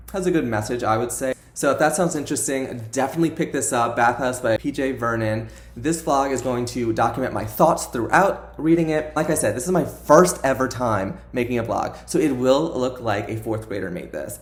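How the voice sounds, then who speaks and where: A man talking casually in a reading vlog, chatty and expressive, swearing freely. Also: mid-range voice. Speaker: book vlogger.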